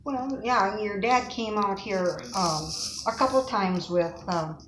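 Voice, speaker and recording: A woman being interviewed, recalling relatives in a rambling, soft-spoken way with fillers. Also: mid-range voice, takes it slowly, echoey room, noisy background. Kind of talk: casual reminiscing.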